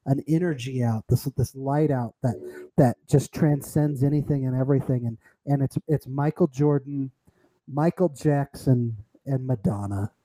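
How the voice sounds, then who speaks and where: Dark-voiced young man, teasing podcast host. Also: medium pitch, normal speed, dry recording, rough recording. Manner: laughs often, teasing, storytelling. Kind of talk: casual comedic chat.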